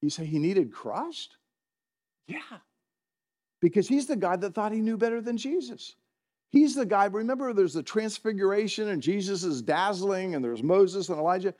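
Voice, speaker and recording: A man's voice: high-pitched, animated, normal speed, a little mellow. A middle-aged man preaching a sermon to a congregation, conversational, often asking the listeners questions and chuckling. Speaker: pastor. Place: church in front of a congregation.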